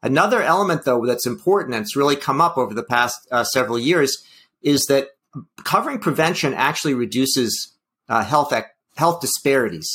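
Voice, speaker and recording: A co-host of a health policy talk show speaks fairly quickly in a mid-range, slightly bright voice with lively intonation. His casual policy discussion is wry and hedging, with lots of fillers.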